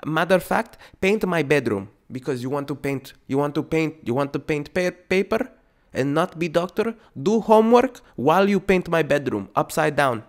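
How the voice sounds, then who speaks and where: A man's voice: fairly high pitch, very animated, unhurried, long pauses, fairly bright tone, voice pushed up, heavily acted. A man voicing a strict immigrant parent who scolds in broken speech, repeating the same orders over and over. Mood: angry scolding. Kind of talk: comedic rant impression.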